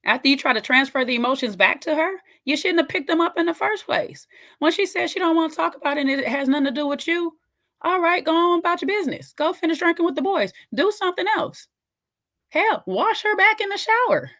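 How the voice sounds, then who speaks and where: A woman's voice: very high voice, quick pace, a bit bright. A woman hosting a reaction video, giving sassy, emphatic commentary and talking straight to the viewer. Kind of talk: casual commentary reacting to a clip.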